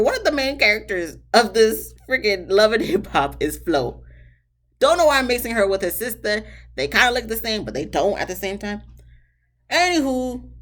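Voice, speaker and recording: Lively sassy woman recapping reality TV. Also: medium pitch. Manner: animated, sassy, talks back to the cast. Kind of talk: casual TV recap commentary.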